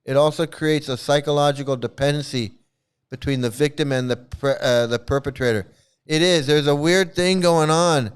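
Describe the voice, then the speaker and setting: A man's voice: a little high, moderate pace, smooth. A man hosting a casual reaction livestream, mocking and profane, laughing often as he talks. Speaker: online streamer criticizing a cult.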